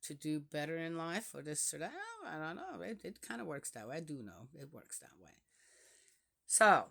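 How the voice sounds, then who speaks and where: A woman's voice: low-pitched, huge pitch swings, moderate pace, creaky, pushed and bright. A woman reading psalms aloud and stopping to reflect on them in a hesitant, musing way, often checking in with the listener by asking "yes?". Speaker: scripture reader.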